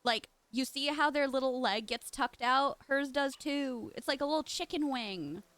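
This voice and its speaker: A woman's voice: high voice, normal speed, fairly bright tone, no echo. A young woman live streaming a game, chatting casually and gushing as she talks straight to her viewers. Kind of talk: casual live-stream chat while gaming.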